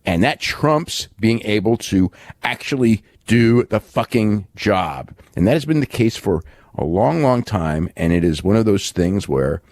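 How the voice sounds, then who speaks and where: A very low-voiced man co-hosting a wrestling podcast, thinking out loud in a loose, rambling way. He stops and restarts his sentences often and leans on fillers. The sound is dry and close, with no room around it. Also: lively intonation, unhurried, no echo. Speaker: podcast co-host. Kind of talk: casual wrestling recap chat.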